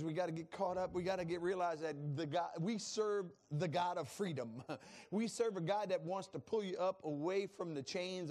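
High-voiced, lively preacher man. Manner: lively, preaching with laughs and call-and-response asides. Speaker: pastor. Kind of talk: sermon.

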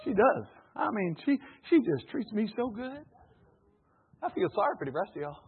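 A man preaching a folksy, animated sermon to a congregation, calling out for responses. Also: high-pitched, moderate pace, a little hiss or hum. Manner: folksy, animated, calls for audience responses, laughs often. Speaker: pastor. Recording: phone-like narrow band.

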